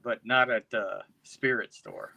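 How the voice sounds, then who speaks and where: A man's voice: fairly low pitch, unhurried, gravelly, bright, forceful tone, no echo. A man co-hosting a podcast, recapping a film in a loose, profane, rambling way. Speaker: podcast co-host. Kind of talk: casual podcast chat.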